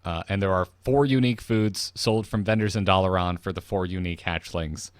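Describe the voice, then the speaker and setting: Male co-host, low voice, dry joker, very dry sound. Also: steady tone, fairly quick, clean tone, no echo. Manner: dry, joking, rattles off facts. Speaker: podcast co-host. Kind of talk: casual gaming podcast chat.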